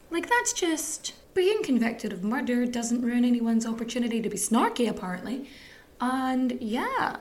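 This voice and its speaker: A woman hosting a podcast, telling a true story in a casual, snarky, sweary way. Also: fairly high pitch. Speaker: podcast host.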